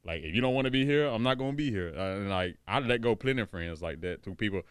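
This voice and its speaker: A man's voice: fairly low pitch, animated, fast, clean tone, dry recording, clean studio sound. A man chatting casually on a podcast, telling rambling, profane stories with laughs. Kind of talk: casual chat.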